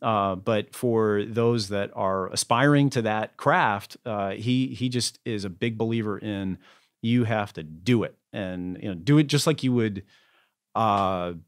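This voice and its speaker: A man speaking as a podcast guest, wordy and halting, with frequent fillers and restarts. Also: on the low side. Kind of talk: conversational interview.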